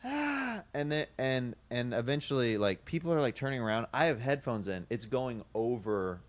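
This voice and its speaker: A man in his thirties, a comedian guest telling stories in a loose, laughing podcast chat. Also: mid-range voice. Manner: loose, storytelling, quick to laugh.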